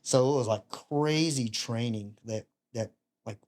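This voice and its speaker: A middle-pitched man in his fifties spins a casual, lively anecdote, slipping into other people's lines as he retells them. His humor is self-deprecating, and the delivery stays loose and conversational. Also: unhurried. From United States. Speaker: podcast guest, retired Navy bomb disposal chief. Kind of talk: casual storytelling.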